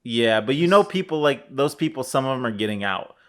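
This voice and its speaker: A man's voice: mid-range voice, animated, brisk. A young man co-hosting a podcast in casual chat, laughing often and trailing off mid-sentence. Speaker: podcast co-host.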